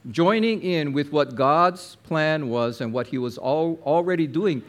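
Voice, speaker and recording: A man preaching a sermon, telling a story with lively acted-out quotes and talking to the listener directly. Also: a little high, unhurried. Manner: animated storyteller, acts out quotes, addresses listener as my friend.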